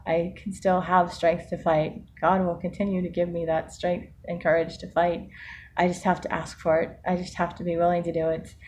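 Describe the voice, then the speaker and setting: A woman talking in a casual personal vlog, reflective and earnest, often laughing softly and restarting her sentences. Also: fairly low pitch, a little hiss or hum. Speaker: vlogger.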